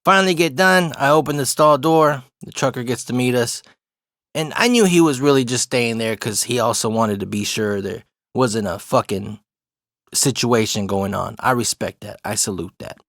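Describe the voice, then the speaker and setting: A man's voice: mid-range voice, moderate pace, a bit bright, no echo, studio quality. Foul-mouthed guy telling a story. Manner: profane, laid-back, laughs often. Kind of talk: casual storytelling.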